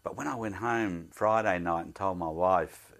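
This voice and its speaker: Older deep-voiced man telling his story. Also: moderate pace, fairly bright tone. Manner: plain-spoken storyteller, acts out the voices of others in his story; devout, speaks earnestly of faith. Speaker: interviewee.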